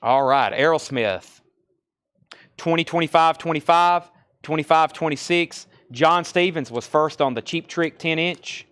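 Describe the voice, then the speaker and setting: A man from Tennessee with a Southern accent, hosting a live record sale and briskly calling out titles, prices and buyers. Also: on the high side, fairly bright tone, clean tone. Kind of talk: live-stream sales patter.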